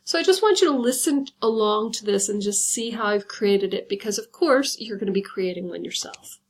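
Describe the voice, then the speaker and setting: A woman teaching a class in a fairly high voice. She explains patiently and step by step, and she slows down whenever she counts things out. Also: expressive. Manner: patient, instructive, guides step by step. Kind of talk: recorded classroom lesson.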